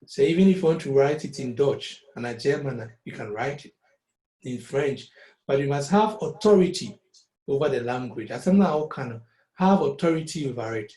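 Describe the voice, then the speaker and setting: A man's voice: medium pitch, expressive, moderate pace, warm tone, low-quality recording. A man teaching a music lesson over a call, explaining step by step and slipping Twi phrases into his English. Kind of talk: online lesson.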